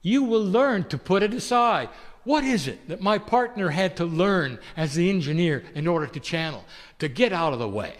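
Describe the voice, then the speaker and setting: Man giving a lively channeled spiritual talk. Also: on the high side, in a large hall. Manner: gentle rhetorical questions, calls listeners "dear one".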